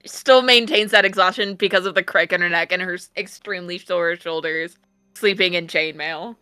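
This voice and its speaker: Bright woman playing a tabletop character. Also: lowish voice, moderate pace, clean tone, dry recording, soft background music. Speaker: player. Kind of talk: casual tabletop role-play.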